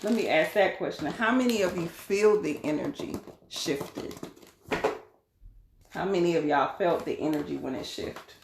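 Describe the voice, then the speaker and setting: A woman's voice: sits low, normal speed, gravelly, reverberant, background noise. A woman doing a casual live tarot reading, chatty and laughing often, calling her viewers y'all and beloved. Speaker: tarot card reader.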